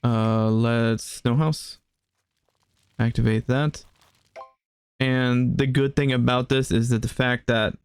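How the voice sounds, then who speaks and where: A man talks through a video game in a loose, chatty way, laughing along as he plays. His voice is smooth and clear, recorded close and dry with no room sound. His pitch sits right in the middle. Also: no room sound. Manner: casual, chatty, laughs often. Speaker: gaming channel host. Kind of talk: let's play commentary.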